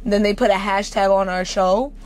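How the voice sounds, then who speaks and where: A woman's voice: mid-range voice, steady tone, normal speed. A woman with a New York accent chatting as a guest actor, blunt and brash, laughing often and swearing freely. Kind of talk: casual chat.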